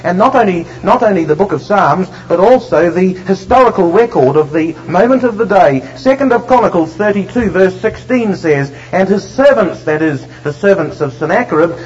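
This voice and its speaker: A man preaching a sermon, emphatic and slowing down to stress the scripture he reads. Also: sits high, lively intonation, slight background noise. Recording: dull lo-fi recording.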